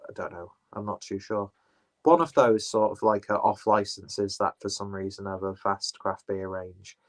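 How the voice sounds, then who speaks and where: A man's voice: fairly low pitch, fairly even intonation, normal speed. Rambling, profane man. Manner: rambling, profane, self-correcting. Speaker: beer reviewer. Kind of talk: casual unboxing chat.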